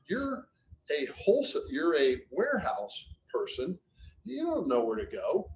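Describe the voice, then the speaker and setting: A man's voice: fairly high pitch, wildly swooping pitch, unhurried, a little hiss or hum, low-quality recording. A man giving a casual business webinar, talking conversationally with anecdotes and frequent restarts over a computer mic. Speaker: webinar presenter.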